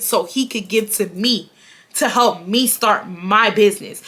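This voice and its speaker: Bright-voiced woman telling a story. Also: mid-range voice. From Houston, Texas. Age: 20s. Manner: animated, repeats phrases for emphasis. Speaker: storytime YouTuber. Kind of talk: casual storytime.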